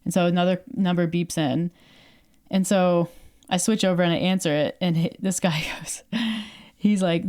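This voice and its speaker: A woman's voice: fairly low pitch, steady tone, normal speed, darkish tone. A young adult woman from Canada, co-hosting a podcast and telling a story in casual chat, acting out quoted dialogue with lots of fillers. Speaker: podcast co-host.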